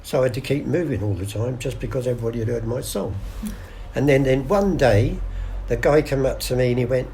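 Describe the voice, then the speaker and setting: A man's voice: mid-range voice, a little fast, mellow, slight background noise. An older man, telling stories in a casual interview and acting out the voices of people in them. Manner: chatty yarn-spinner acting out voices, many restarts. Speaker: guest storyteller.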